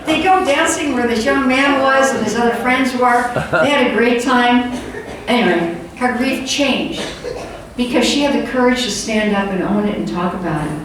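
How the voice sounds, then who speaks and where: Heard from a distance in an echoey conference hall with faint room noise, an older woman speaks at normal speed in a slightly high voice. Her talk is a loose, conversational string of stories, full of fillers.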